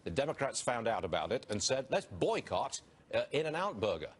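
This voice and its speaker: A man's voice: medium pitch, normal speed, slightly rough. A man hosting a business show, giving opinionated live market commentary from a TV studio. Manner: opinionated, animated delivery.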